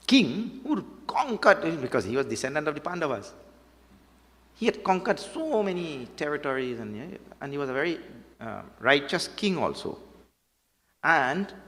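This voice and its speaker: A man's voice: fairly high pitch, fairly bright tone. A man preaching a devotional sermon, telling a story with rhetorical questions and repeated words for emphasis. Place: temple hall. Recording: long hall reverb.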